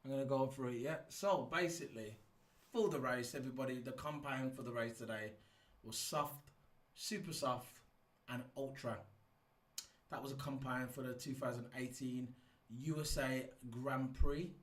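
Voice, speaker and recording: Excitable man rambling in an echoey room. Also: medium pitch, moderate pace, recorded from a distance. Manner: rambling, excitable, many ums and restarts. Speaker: F1 YouTube reviewer. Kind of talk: casual race review monologue. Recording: echoey room, set back from the mic.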